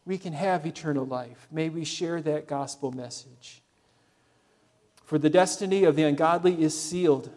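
A male preacher with a fairly high voice delivers an earnest sermon. He urges his listeners on and drops quiet and soft on solemn points. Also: normal speed. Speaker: pastor.

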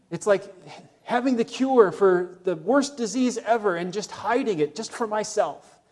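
A male pastor preaching a sermon, earnest and urging, dropping soft on solemn points. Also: high-pitched.

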